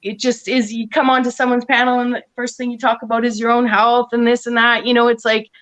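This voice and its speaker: Woman, fairly high voice, casual panel chat, rambling, many restarts. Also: flat delivery, fairly quick, fairly bright tone. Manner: rambling, many restarts and fillers, laughing often. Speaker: panel guest.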